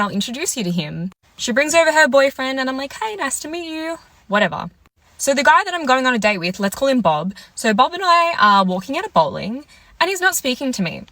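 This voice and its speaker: A woman's voice: medium pitch, fairly bright tone, dry recording. A young woman casually telling a story about a bad date, chatty and exasperated, acting out both sides of the conversation. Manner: chatty, exasperated retelling with quoted dialogue. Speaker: storytime vlogger.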